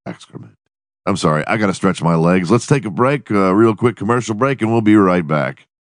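A man's voice: fairly low pitch, animated, brisk, dry recording. A man hosting his podcast in a profane, rambling, giggly solo monologue. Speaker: podcast host.

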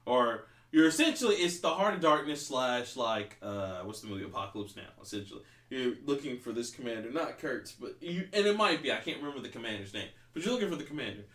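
Chatting casually on his podcast, a man rambles, curses and keeps reaching for "like." His mid-range voice is animated and fairly bright, moving quickly with few pauses, and the room echoes around him.

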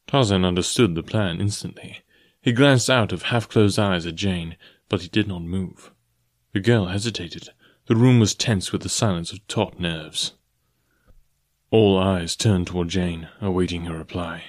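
A man reading a novel aloud as an audiobook narrator, in a steady, even manner. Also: low-pitched, normal speed, no room sound, studio quality. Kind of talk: scripted narration.

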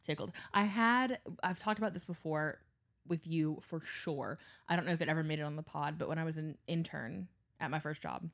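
A young adult woman co-hosting a podcast has a low, gravelly voice and talks fairly quickly. She tells stories animatedly in casual chat, cursing freely and voicing the people in her anecdotes.

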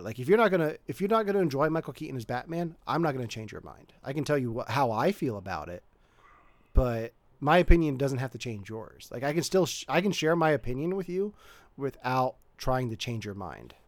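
A man's voice: mid-range voice, sing-song, brisk, no room sound. A man co-hosting a casual movie podcast, talking earnestly and often restarting his sentences with "like.". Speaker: podcast co-host. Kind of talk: casual movie review chat.

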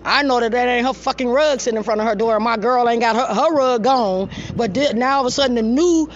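A woman telling a story in a loud, profane, animated rant. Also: a little high, fast, lo-fi sound, a little hiss or hum. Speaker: storyteller vlogger.

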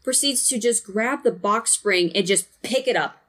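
Woman, casual chat, profane and animated storyteller, mid-range voice. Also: mid-range voice, moderate pace, noisy background.

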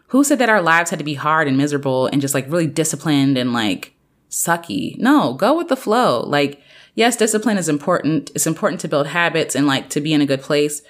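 Lively, encouraging woman podcaster. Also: deep voice. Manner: animated, playful impressions of friends' voices. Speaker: podcast host. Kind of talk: encouraging solo talk.

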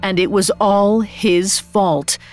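A woman narrating a scripted fairy tale as a storyteller, expressive, rising on dramatic beats. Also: mid-range voice, slow, soft background music.

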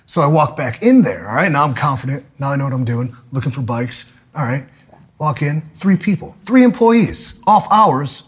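A man telling a profane, angry comedic story, swearing and bursting into loud outbursts. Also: mid-range voice, very animated, moderate pace, husky. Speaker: podcast guest telling a story.

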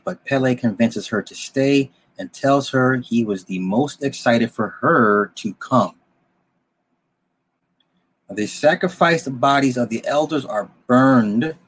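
Husky man casually recapping a story. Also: mid-range voice. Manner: rambling and blunt, with restarts, asides and swearing. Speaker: film plot recapper.

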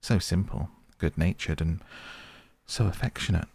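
Man playing a good-natured male water rat, cheerful, brisk, low gravelly voice. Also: darkish tone, heavily acted. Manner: cheerful, brisk, easily indignant.

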